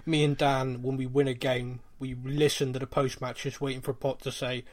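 A man's voice: medium pitch, flat delivery, moderate pace. A young man with a West Country English accent, co-hosting a casual podcast, jokey and chatty as he reads out listener questions. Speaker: podcast co-host.

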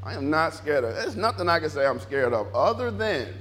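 A man preaching in a church with a high, lively voice that swings widely in pitch. He talks in an animated way, stacks repeated phrases and acts out back-and-forth dialogue in character. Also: brisk. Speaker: pastor. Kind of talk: sermon.

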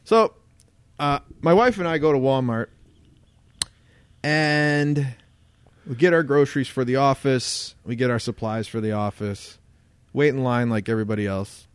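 Animated man telling a story, dry sound. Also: mid-range voice, moderate pace, pauses often, clean tone, dry recording. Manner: animated storyteller acting out quoted voices. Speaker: podcast co-host. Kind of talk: casual storytelling chat.

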